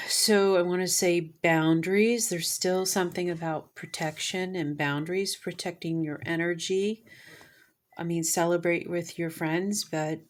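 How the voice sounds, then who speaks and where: A woman giving a casual tarot reading, gushing and sometimes dropping into soft whispers. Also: on the low side. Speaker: tarot reader.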